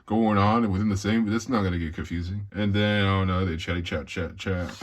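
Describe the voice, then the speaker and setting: A man reviewing a comic book in a loose, profane, joking way, tossing in quick asides and laughs. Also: low-pitched, steady tone. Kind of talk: casual comic review recap.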